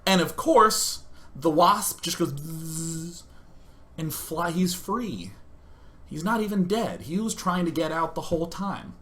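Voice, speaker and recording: A man hosting a gaming stream, telling a comic story in an animated, self-mocking way with loud outbursts. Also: a little high, slow. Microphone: streaming setup facing a webcam.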